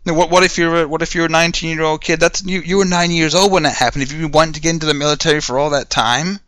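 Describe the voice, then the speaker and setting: A man's voice: on the high side, fairly even intonation, very fast, fairly bright tone, dry recording. A man hosting a podcast, ranting heatedly in a solo monologue, swearing and firing off rhetorical questions. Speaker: podcast host.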